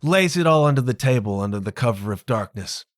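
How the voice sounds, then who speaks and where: A man hosting his own podcast, retelling a famous play scene in a casual, emphatic, animated monologue with bits of slang. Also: medium pitch, brisk, no room sound, studio quality. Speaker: podcast host.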